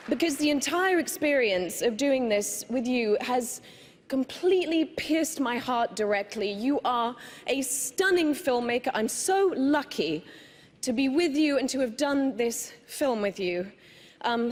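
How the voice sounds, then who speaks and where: A woman's voice: fairly high pitch, in a large hall. A woman from Britain in her thirties, talking animatedly as an interview guest in a gushing, laughing way. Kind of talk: casual chat and speech.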